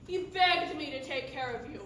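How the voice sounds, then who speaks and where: A woman's voice: sits high, moderate pace, fairly bright tone, a little hiss or hum. A woman playing a cruel, doting middle-aged stepmother in a live stage comedy, sugary to her own children and cold and commanding otherwise. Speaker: stage actor. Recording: echoey live stage from far off.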